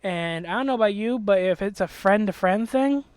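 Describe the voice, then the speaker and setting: A man's voice: high-pitched, normal speed, clear, resonant tone, no room sound. A young man hosting a game video, delivering an angry, profane rant about a friend. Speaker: Let's Play host. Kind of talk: ranting commentary over gameplay.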